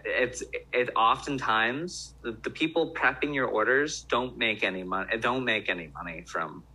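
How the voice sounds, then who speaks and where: Bright-voiced man rambling in chat. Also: mid-range voice, normal speed, breathy edge, rough recording. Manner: rambling, lots of fillers and restarts. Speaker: former restaurant worker. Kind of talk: casual chat.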